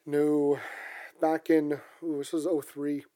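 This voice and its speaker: A woman's voice: low-pitched, level tone, slow pace, mellow. A woman co-hosting a podcast, from Canada, telling rambling stories in casual chat with frequent restarts.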